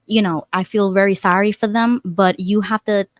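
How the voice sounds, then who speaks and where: A woman's voice: medium pitch, fairly even intonation, moderate pace, no room sound, studio quality. A woman in her thirties, a homeschooling parent, speaking earnestly and passionately in casual chat. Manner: earnest and passionate, builds to raised outbursts.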